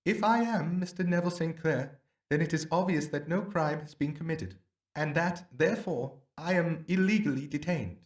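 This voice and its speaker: A man reading an audiobook, voicing a refined, sad-faced gentleman who is unmasked and desperate, with a formal, pleading manner. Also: fairly high pitch, moderate pace, roomy sound, recorded from a distance, pitched above the performer's own voice, close to an everyday voice. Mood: defiant. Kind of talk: audiobook character voice.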